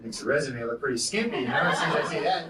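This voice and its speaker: A stand-up comedian with a high voice and a faint lilt, rambling deadpan through his set. The sound is an old, roomy club recording from a distance, with loud crowd laughter and hiss behind him. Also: racing. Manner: rambling, deadpan delivery with many "you know"s. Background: audience laughing.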